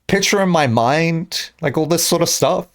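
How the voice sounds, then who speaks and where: A young man chatting casually on a live stream, rambling and joking with bursts of excitement. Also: on the high side, normal speed.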